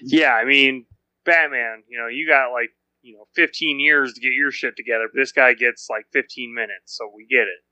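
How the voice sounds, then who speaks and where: A man's voice: mid-range voice, steady tone, moderate pace, pushed and bright, dry recording, poor audio. A man co-hosting a casual podcast, rambling and joking with lots of fillers. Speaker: podcast co-host.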